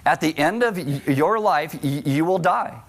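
Middle-aged male pastor, conversational sermon with humor, slightly higher voice. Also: expressive, normal speed. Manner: conversational, joking asides to the congregation.

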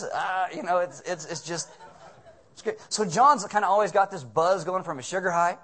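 A man preaching a comedic sermon as pastor, animated and full of casual asides and jokes. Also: sits high, normal speed.

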